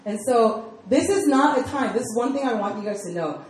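With a fairly high, lively and slightly mellow voice, a young adult woman talks fairly quickly as she delivers a relaxed sermon to a church youth group. Her stories come out chatty and filler-heavy, recorded in an echoey room from a far-off mic with faint ambience.

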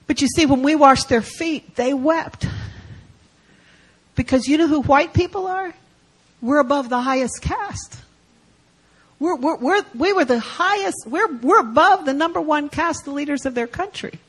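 A woman gives a sermon at a church service and tells it as a lively story. She lifts her voice high and loud for the exciting moments, then drops to a hush for the tender ones. She acts out the voices of the people in her story. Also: normal speed, poor audio. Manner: animated, acts out quoted voices, swings from loud to hushed. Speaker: guest speaker.

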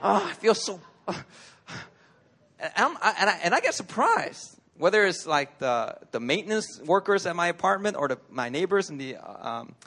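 Animated high-voiced male pastor. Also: moderate pace. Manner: conversational, animated storytelling with laughs. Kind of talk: sermon. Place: church.

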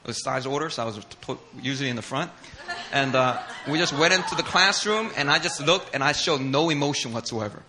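A man whose first language is Korean, preaching a sermon as a pastor and telling stories in an animated way, acting out voices and laughing often. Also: mid-range voice, fairly quick, a crowd in the background. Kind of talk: sermon storytelling.

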